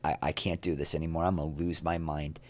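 Man, middle-aged, interview guest, low voice, self-deprecating, rambling anecdotes, dry room. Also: fast, no room sound. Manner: rambling, self-deprecating, animated when quoting others. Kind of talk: candid storytelling interview.

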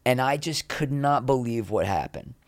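A middle-aged man telling anecdotes in a casual interview as a podcast guest, lively, with quick asides. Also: medium pitch, dry recording, studio quality. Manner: animated anecdotes, quick asides, acts out quoted people.

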